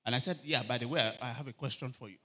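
A man preaching a sermon, telling animated stories and calling for amens. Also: mid-range voice, racing. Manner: animated storytelling, shouting quoted cries, frequent calls for amen. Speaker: pastor.

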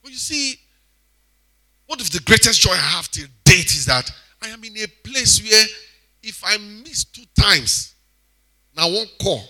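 Bright-voiced Nigerian man preaching. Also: high voice, moderate pace. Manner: animated, swings between loud exclamations and quiet asides. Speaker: church speaker exhorting congregation. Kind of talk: sermon.

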